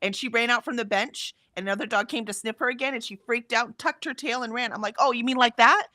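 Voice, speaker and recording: Her voice a little high and fast, the middle-aged co-host of a writing sprint stream chats casually, telling an animated story thick with ums and "right?" and performing the other people's lines. The studio sound is clean, with no room sound.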